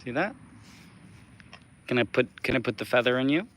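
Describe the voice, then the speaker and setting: A man chatting on a casual livestream, his voice swinging widely as he coos at his pet duck in a high, sing-song baby talk. In between he drops into an easy middle-pitched voice to read and thank viewers' comments. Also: expressive, moderate pace, fairly bright tone. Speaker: livestream host.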